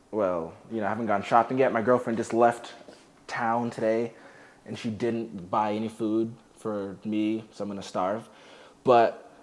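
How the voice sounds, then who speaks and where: Brief: young man with a mid-range voice, relaxed and jokey, loose fillers, giving a home tour indoors. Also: medium pitch. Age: young adult. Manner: chatty, laid-back, jokey, with many "like" fillers. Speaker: formerly homeless youth. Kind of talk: casual home tour talk. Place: his own apartment, indoors.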